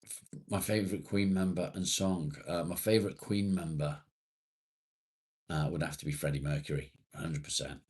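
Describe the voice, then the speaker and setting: Deep-voiced swearing English man chatting live. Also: normal speed, darkish tone, slightly rough. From England. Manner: blunt, swears freely, chatty. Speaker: livestream host. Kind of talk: casual live chat reading comments.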